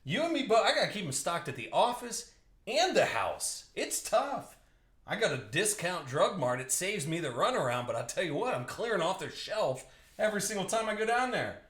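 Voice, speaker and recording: A man's voice: high voice, sing-song, normal speed, a bit bright, roomy sound. A young man hosting a live card break, joking and riffing with viewers by name as he opens packs.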